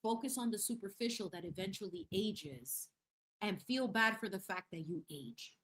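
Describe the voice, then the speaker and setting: A woman hosting a casual livestream chat with her viewers. She talks in a lively, slangy way, slipping Spanish phrases into her English, and her voice sits in an ordinary middle pitch. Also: normal speed, a little hiss or hum. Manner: laughs often and reads chat aloud. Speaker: livestream host.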